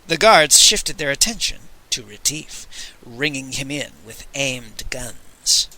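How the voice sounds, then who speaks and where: A man reading a science fiction story aloud with lively, expressive narration. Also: fairly high pitch, unhurried, rough recording. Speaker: audiobook reader. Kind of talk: dramatic audiobook narration.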